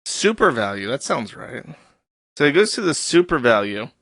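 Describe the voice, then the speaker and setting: A man's voice: medium pitch, sing-song, normal speed, pushed and bright, a little hiss or hum. A man hosting a live stream, reading posts aloud and mocking them in a sarcastic, profane, mock-serious tone. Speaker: streamer host.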